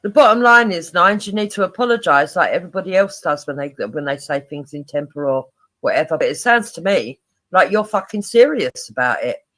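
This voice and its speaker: A man's voice: high voice, expressive, a little fast, a bit bright, no echo. A man in casual chat, speaking bluntly and scolding.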